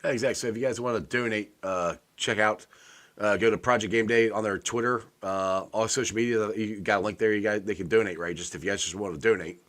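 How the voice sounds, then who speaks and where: A man's voice: on the low side, fast. A man co-hosting a casual sports podcast, telling stories with lots of laughter and acted-out quotes. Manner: animated storyteller, laughs often, acts out quotes. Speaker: podcast co-host.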